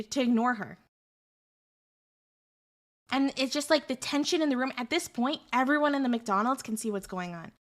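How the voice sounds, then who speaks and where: A woman streamer telling a story in a casual, animated, rambling way with lots of fillers. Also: high-pitched.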